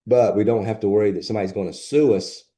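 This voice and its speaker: A man's voice: lowish voice, steady tone, fast, warm tone. A man teaching a lecture to graduate students, plain and matter-of-fact, repeating his points. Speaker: instructor. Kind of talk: recorded lecture.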